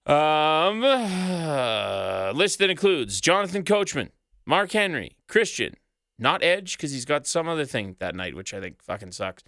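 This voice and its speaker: Male podcast co-host, bright forceful voice, dry close sound, swears casually. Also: on the high side, sing-song, measured pace, gravelly, no echo. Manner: profane, rattles off long lists.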